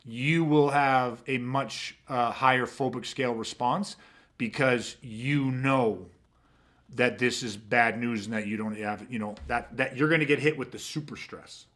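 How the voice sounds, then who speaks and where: A man's voice: mid-range voice, a little slow, a bit bright. A man hosting a podcast, talking in a blunt, emphatic, profane way. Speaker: podcast host. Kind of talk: casual podcast talk.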